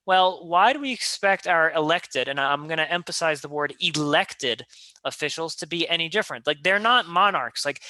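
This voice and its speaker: Male podcast host, bright tone, fairly high voice, dry close sound, animated and emphatic. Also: no echo. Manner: animated, emphatic, rising pitch when making a point. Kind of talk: casual podcast conversation.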